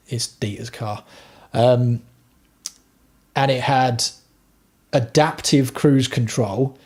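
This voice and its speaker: Male streamer, husky voice, rambling, swears a lot, casual chat. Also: mid-range voice. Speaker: livestream host.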